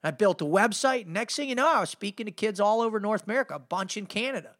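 A middle-aged man who hosts a motivational podcast races through a story in a high-pitched, slightly bright, animated voice. His monologue is fast, slangy and energetic, and "man" comes up constantly.

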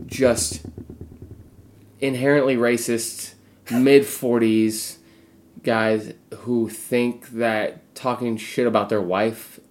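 A man's voice: medium pitch, level tone, drawn-out words, a little hiss or hum. A man co-hosting a podcast, chatting casually in a sarcastic, joking way. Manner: joking, sarcastic, mock voices. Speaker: podcast co-host. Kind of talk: casual chat.

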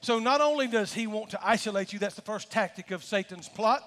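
A man's voice: sits high, a little fast, fairly bright tone. A male pastor, preaching a sermon with dramatic swells. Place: church sanctuary. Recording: long church hall reverb.

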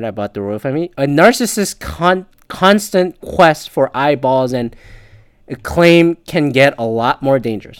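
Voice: medium pitch, smooth. A podcast host reading an article aloud and breaking off into sarcastic, profane asides in casual commentary. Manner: profane, sarcastic asides between read passages.

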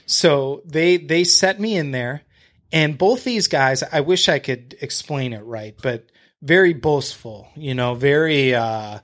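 A man's voice: fairly high pitch, takes it slowly, fairly bright tone. A man guest on a podcast, telling a story in casual chat, blunt and profane. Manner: blunt and profane, retelling a confrontation; talks to the host with fillers and restarts.

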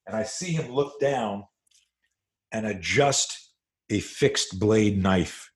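Lowish-voiced man telling a profane story. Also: slow. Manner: profane, animated storyteller who acts out scenes. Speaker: self-defense instructor, podcast guest. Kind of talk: storytelling in a conversational interview.

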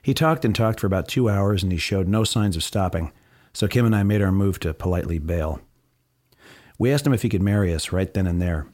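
American man, very low voice, dry close recording, wry diary reading. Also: brisk, darkish tone, no echo. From United States. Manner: wry, sardonic asides. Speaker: narrator.

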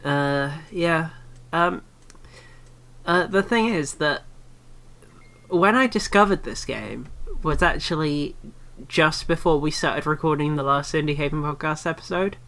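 Chatty bright-voiced podcast host man. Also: a little high, measured pace. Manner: chatty, laughs often, trails off in restarts. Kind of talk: casual podcast chat.

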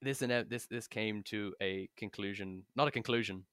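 A man with a lowish voice tells a game story in a casual podcast chat. He rambles and restarts, and he speaks in an animated way that is full of swearing. The sound is dry and close. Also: normal speed, dry recording. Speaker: guest, game master.

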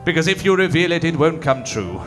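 A man's voice: on the high side, big pitch swings, a little fast, faint music behind. A man doing a pompous train captain, bossy and blustering, bouncy intonation, comedy sketch. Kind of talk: improvised comedy.

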